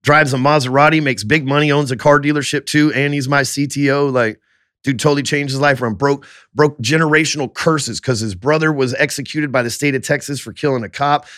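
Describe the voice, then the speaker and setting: A man telling his life story on a podcast in a profane, animated way. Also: medium pitch, fairly quick, no echo, studio quality.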